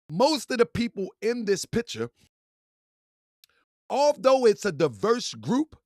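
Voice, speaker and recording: A man hosting an online commentary channel, preaching in a fiery, repetitive way that swings from shouting to quiet, laughing apologies. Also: high voice, no room sound, studio quality. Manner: preachy, repetitive calls and answers. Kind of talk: fiery talking-head rant.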